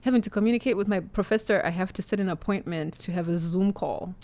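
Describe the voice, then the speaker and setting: A young adult woman chatting as a podcast guest, telling stories in a lively, easygoing way and laughing easily. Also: medium pitch, fast talker. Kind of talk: casual podcast chat.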